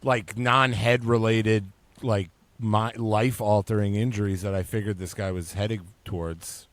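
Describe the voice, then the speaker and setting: A man co-hosting a sports podcast, chatting casually and cracking dry, deadpan jokes. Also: on the low side, a little slow, dry recording. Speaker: podcast co-host.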